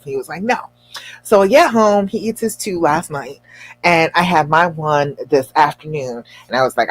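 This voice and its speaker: A woman relationship coach talking casually to viewers on a livestream, telling a story in an animated, encouraging way. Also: fairly low pitch, normal speed. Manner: chatty storytelling, animated and expressive; encouraging, addresses viewers directly.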